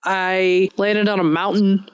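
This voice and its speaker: Young woman, podcast co-host, smooth clear voice, animated scene-by-scene retelling. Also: mid-range voice, slow pace, muffled recording. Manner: lively storyteller, retells scenes with "he's like" voices. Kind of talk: casual comic-book chat.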